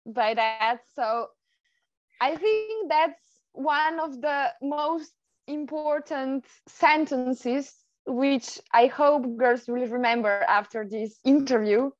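A woman hosting a podcast, asking questions in a deliberate, encouraging way. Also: high voice, no echo, highs cut off. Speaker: podcast host.

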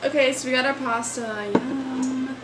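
A woman's voice: high-pitched, fairly even intonation, a little slow, very noisy. A young woman chatting and joking while cooking and eating in a casual vlog. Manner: giggly, joking. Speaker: vlogger.

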